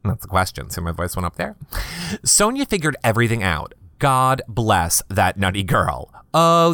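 A man hosting a comedy podcast, reading gossip blogs aloud in a campy, sarcastic way with quick asides to listeners. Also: a bit bright, no room sound. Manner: campy, sarcastic, swoops into high mock voices.

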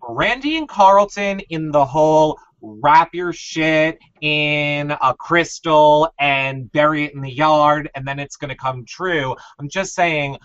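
A man co-hosting a casual recap chat, talking in an animated, profane, ranting way. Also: a little high, slow, hardly any pauses, clean tone, dry recording. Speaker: podcast co-host. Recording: dull lo-fi sound.

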